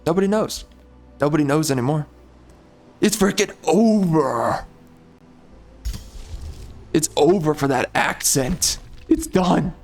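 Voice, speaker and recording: Profane male gamer commentating in a slightly high voice, unhurried, faint game music behind. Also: a little mellow. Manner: rambling, profane, easily exasperated. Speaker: gameplay commentator. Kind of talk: casual gameplay commentary.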